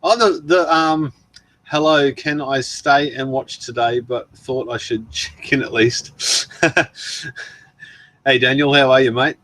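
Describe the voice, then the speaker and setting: A man's voice: medium pitch, steady tone, takes it slowly, a bit bright, no room sound. An Australian man hosting a casual live stream, reading out viewer messages in a chatty way with frequent laughs and ums, his throat worn from long talking. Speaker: livestream host.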